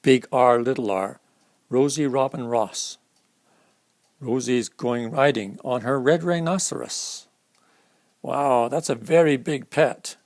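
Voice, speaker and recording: Slow, gentle man reading a picture book. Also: medium pitch, dry recording. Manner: slow, explaining pictures to young listeners. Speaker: storytime reader. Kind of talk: children's picture-book read-aloud.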